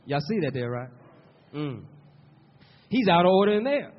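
A man's voice: a little high, sing-song, moderate pace, slight background noise. A man preaching a sermon, repeating words for emphasis and calling out to the congregation. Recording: muffled lo-fi sermon recording.

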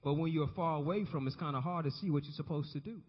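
Male pastor, high husky voice, call-and-response sermon, long church reverb. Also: fast talker. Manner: call-and-response preaching, asks congregation to repeat. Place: church sanctuary. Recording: dull recording with long hall reverb.

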